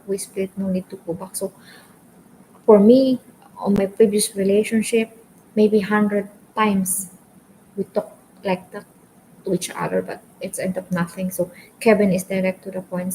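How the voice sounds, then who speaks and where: A woman's voice: fairly low pitch, mellow, slight background noise, rough recording. A woman from the Philippines chatting casually with viewers during a live stream, speaking English as a second language and talking openly about her relationship. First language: Filipino language. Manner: talks openly, addresses viewers as guys.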